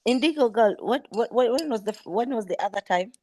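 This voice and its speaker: A woman guest in a casual group chat who asks curious questions and speaks calmly when reflecting. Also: fairly high pitch, a little fast, slight background noise. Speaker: guest, online group moderator.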